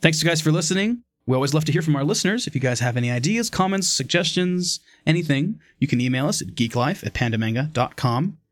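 A man's voice: on the high side, expressive, fast talker, few pauses, no echo, clean studio sound. A man hosting a casual podcast, talking enthusiastically and upbeat. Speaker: podcast host.

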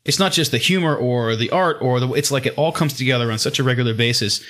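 A man's voice: medium pitch, quick pace, a bit bright. A man chatting casually on a podcast about a comic, telling scenes with laughter and acting out the characters.

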